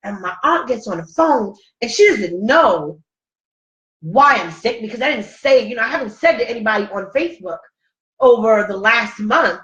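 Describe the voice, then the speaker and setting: A woman's voice: a little high, expressive, moderate pace, fairly bright tone. A middle-aged woman hosting a casual talk show, telling a personal story in a heartfelt, emotional way. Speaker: host. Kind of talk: casual chat. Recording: roomy, distant, dull-sounding mic.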